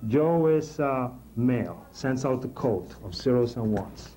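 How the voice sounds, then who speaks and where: A man teaching a technical class in a classroom, halting and repeating words as he explains and checking in with the class. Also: mid-range voice, expressive, warm tone, a little hiss or hum, rough recording. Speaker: instructor.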